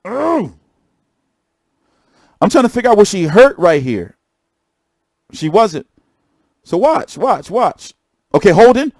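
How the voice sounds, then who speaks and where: A young man talking casually on a live stream, swearing and repeating phrases as he gets worked up. His voice sits high and leaps around a lot. The sound is close and dry, with no room echo. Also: takes it slowly, pauses often. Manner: excitable, profane, repeats phrases. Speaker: boxing commentator streamer.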